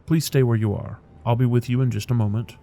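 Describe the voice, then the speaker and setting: A man voicing a cultured, pleasant engineer in a video game, speaking politely in an unhurried, measured way. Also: mid-range voice, fairly even intonation, gravelly, warm tone, close to an everyday voice. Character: cultured, pleasant middle-aged man, calm drone engineer.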